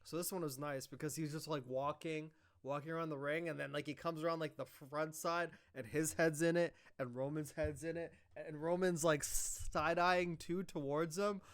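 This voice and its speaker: A man's voice: on the high side, normal speed, few pauses. A man casually recapping a wrestling show, rambling, swearing and acting out quoted lines. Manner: rambling, profane, animated retelling with quoted lines.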